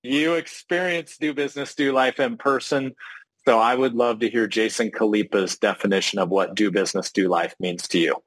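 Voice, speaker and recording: Brief: male podcast host, lowish voice, reflective, dry sound. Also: moderate pace, a bit bright, no room sound, poor audio. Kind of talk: casual interview talk.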